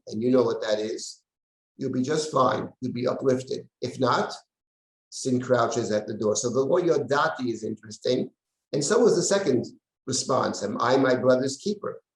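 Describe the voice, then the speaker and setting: An older rabbi gives a measured Bible lesson, working through Hebrew verses one phrase at a time. His voice sits in an ordinary middle pitch for a man. The room adds a noticeable echo around him. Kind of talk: text study lecture. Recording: echoey room.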